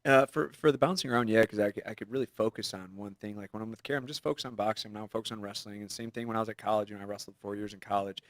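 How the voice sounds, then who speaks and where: A man in his thirties, a fighter sitting in as guest, talks loose and quick in a casual interview. His voice is on the low side and rushes along. The studio recording is dry and close. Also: fairly even intonation, dry recording. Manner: rapid, loose, laughs easily.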